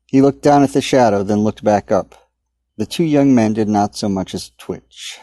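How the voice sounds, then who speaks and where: A man reading his own dark story aloud in a measured audiobook narration. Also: on the low side, creaky, no echo. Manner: steady, measured dramatic reading.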